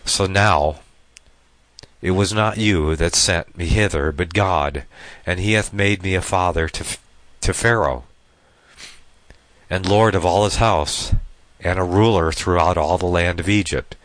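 A man with a notably low voice reads scripture aloud, then breaks off to explain it in plain, everyday words. The sound is close and dry, with no room around it. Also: fairly bright tone, no echo. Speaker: Bible teacher. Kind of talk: scripture reading with commentary.

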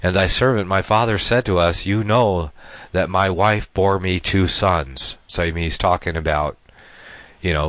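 A man's voice: sits low, a bit bright, no room sound. A man reading a Bible passage aloud and stopping to explain it in plain, casual talk. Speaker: Bible teacher. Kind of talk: scripture reading with commentary.

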